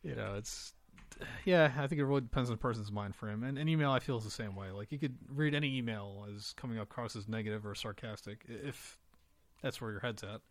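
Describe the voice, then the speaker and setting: A man co-hosting a podcast, talking in relaxed casual chat with restarts. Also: medium pitch. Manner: quick, relaxed, conversational with restarts. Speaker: podcast co-host.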